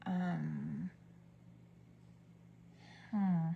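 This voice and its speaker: A low voice with vocal fry and fairly even intonation moves very slowly through narrow, tinny audio carrying a little hiss or hum. It belongs to a beauty vlogger chatting on a get-ready-with-me livestream as she does her makeup, rambling from story to story and sometimes whispering.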